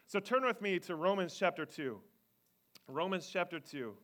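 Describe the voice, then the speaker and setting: A man preaching from the pulpit, his voice pitched high and ringing bright. He moves between loud, punchy emphasis and hushed near-whispers, often acting out the people he quotes. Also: animated, moderate pace. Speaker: pastor. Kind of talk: sermon.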